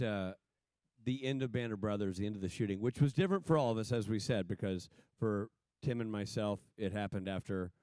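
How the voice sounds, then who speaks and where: A man's voice: on the low side, mellow, clean tone, no echo. A man on a panel talking in an earnest, reflective way. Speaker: actor on a panel. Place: stage at a symposium.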